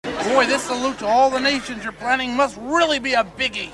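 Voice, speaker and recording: Jittery young stagehand, very high, stammering, crowd noise. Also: male voice, fairly quick. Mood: flustered. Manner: stammering, nervous. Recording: TV clip with studio audience.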